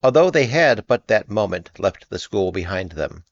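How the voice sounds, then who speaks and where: A man narrating an audiobook with measured, expressive storytelling. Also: fairly low pitch, no echo, lo-fi sound. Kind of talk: audiobook reading.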